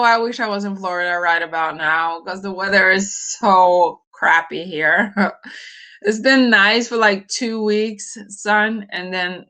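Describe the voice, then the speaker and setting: Slow-talking bright-voiced woman. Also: lowish voice. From Norway. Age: 40s. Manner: chatty, hesitant, laughs often. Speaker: livestream host. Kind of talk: casual live chat answering viewers.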